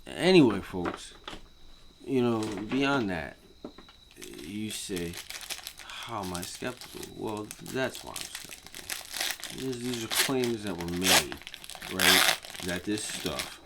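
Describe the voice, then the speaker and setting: A man ranting casually to camera as a vlogger, profane and repetitive, swinging from muttering to yelling. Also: fairly low pitch, expressive, slow pace, long pauses, very noisy.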